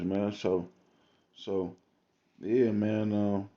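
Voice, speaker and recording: Low mellow-voiced guy reading bible verses, slangy asides, muffled lo-fi phone audio. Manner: slangy, drawn-out asides between read verses. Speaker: self-styled preacher. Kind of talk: casual scripture reading with commentary. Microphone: phone or webcam.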